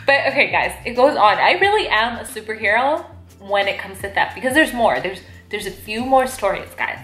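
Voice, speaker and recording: A woman vlogger telling stories in a chatty, animated way while folding laundry, with lots of fillers. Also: mid-range voice, moderate pace. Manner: chatty, animated, lots of "like", jumps to loud outbursts when retelling. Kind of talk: casual storytelling chat while folding laundry. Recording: echoey room with faint music.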